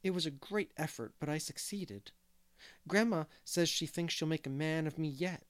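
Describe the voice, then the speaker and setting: A man's voice: a little high, moderate pace, natural voice. A man voicing an eager, earnest little boy with old-fashioned, polite phrasing in a storybook reading.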